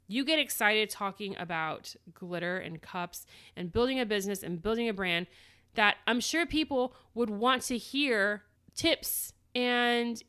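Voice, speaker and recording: A woman's voice: mid-range voice, bright, forceful tone. A woman hosting her own podcast, telling her story in a chatty, rambling way with restarts and quoted dialogue. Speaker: podcast host. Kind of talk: casual solo podcast monologue.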